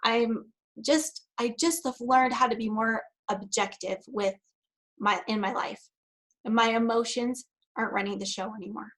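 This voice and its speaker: A woman's voice: fairly high pitch, normal speed, a bit bright, rough recording. A woman giving a virtual conference talk as a practitioner, telling a story conversationally with laughs and then reading prepared remarks. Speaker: NLP practitioner and speaker.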